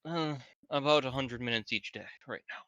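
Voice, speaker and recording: A man's voice: medium pitch, normal speed, bright, forceful tone, highs cut off. A man playing in a tabletop game, talking casually and eagerly. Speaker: player.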